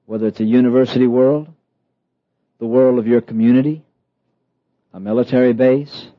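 A middle-aged man preaching a sermon, slow and emphatic, with dramatic pauses and soft asides. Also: mid-range voice, no echo. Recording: dull, lo-fi dry sound.

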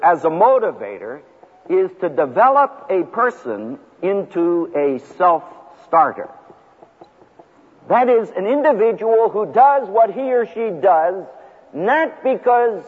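A man who is a seminary professor, giving a recorded teaching lecture in an emphatic, rhetorical way, stressing single words between long pauses. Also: sits high, slightly rough. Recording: phone-like lo-fi audio with long hall reverb.

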